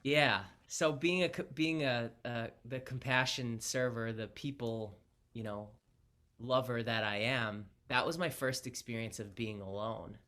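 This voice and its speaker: Bright-voiced easygoing man. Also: mid-range voice, unhurried. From Canada. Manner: easygoing, joking, self-deprecating. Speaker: pastor. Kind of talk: casual interview chat.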